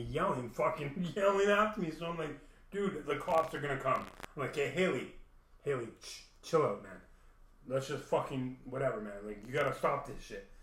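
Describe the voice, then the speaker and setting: A man's voice: mid-range voice, a bit bright. Casting note: man, rambling, swears constantly, acts out dialogue, recorded at a distance in an echoey room. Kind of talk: casual storytelling monologue.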